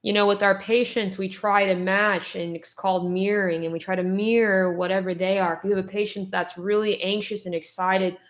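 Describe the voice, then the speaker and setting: A woman's voice: medium pitch, fairly even intonation, fairly quick, hardly any pauses. A woman from Texas, a dentist co-hosting a casual podcast, chatting playfully and changing her pace to make a point.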